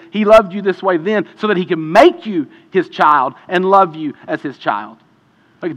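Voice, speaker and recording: A man preaching a sermon as pastor, impassioned and swinging between hushed and loud passages. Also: a little high, lo-fi sound. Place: church sanctuary. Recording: long hall reverb.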